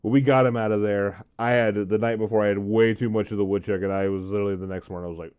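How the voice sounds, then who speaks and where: A man's voice: on the low side, steady tone, fast talker, few pauses, clear, resonant tone, phone-quality sound. A man telling a long personal story on his vlog in a casual, rambling way, with many fillers and "uh, um"s. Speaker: vlogger.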